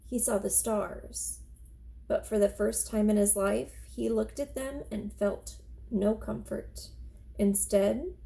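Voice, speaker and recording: A woman teacher reading a children's chapter book aloud in an expressive, steady storytelling manner. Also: mid-range voice, takes it slowly, vocal fry, low-quality recording.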